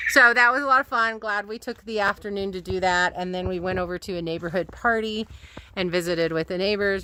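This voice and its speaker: A woman's voice: on the low side, bright, forceful tone, a little hiss or hum. A woman vlogging casually from her homestead, chatting to the camera about small projects. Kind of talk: casual vlog chat. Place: tiny home and yard on a rural homestead.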